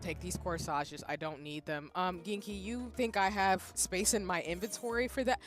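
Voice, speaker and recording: A woman streaming a game, chatting casually with her viewers in a playful, flustered way that breaks into loud bursts. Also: lowish voice, moderate pace. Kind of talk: casual livestream chat while gaming. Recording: music playing behind.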